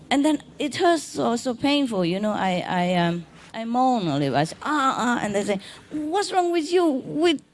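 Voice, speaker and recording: Mellow-voiced woman teaching gently. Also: fairly low pitch. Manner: gentle, unhurried, chuckles often, repeats phrases for comfort; simple, non-native phrasing. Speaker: spiritual teacher. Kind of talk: informal spiritual lecture to an audience.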